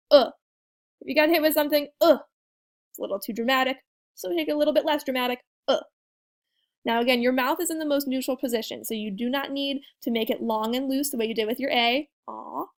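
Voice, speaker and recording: A young woman teaching a French pronunciation lesson, encouraging and demonstrating sounds slowly with repetition. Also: high-pitched. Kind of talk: video language lesson.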